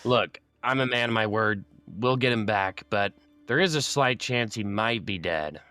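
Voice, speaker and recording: A man's voice: fairly low pitch, expressive, measured pace, pushed and bright, clean tone, no echo, soft background music. A man playing a tabletop game, talking plainly and agreeably. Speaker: player. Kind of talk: casual chat.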